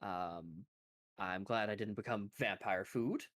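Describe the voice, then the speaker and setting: A man's voice: lowish voice, slow pace, pitched below the performer's own voice. A man voicing a timid, polite young ex-butler who mumbles and hesitates. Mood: sheepish. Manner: soft, hesitant, lots of ums.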